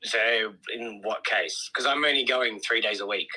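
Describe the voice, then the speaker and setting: A man from Australia, calling into a podcast and chatting in a soft-spoken, hesitant way. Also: medium pitch, moderate pace, husky, rough recording. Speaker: caller. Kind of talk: casual call-in chat.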